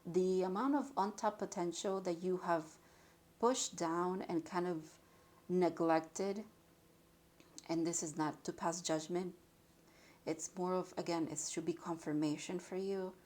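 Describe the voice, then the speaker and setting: Lady doing a spiritual card reading, kinda low voice, emotional, keeps restarting and sighing. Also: fairly even intonation, a little mellow. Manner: emotional, halting, many restarts and sighs. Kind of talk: intuitive reading to camera.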